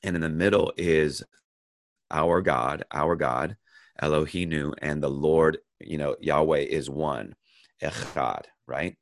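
An American Bible study teacher with a rumbling low voice leads a lesson over a video call while sharing his screen, with no echo. He opens with prayer, then explains a verse unhurriedly, thinking aloud with pauses, fillers and restarts.

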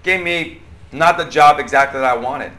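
A young man teaching at church in a lively, conversational way, his voice bright and ringing and set a little high. He keeps turning questions back to the group and tells stories from his own life. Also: moderate pace. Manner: conversational, animated, asks questions. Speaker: youth pastor leading group discussion.

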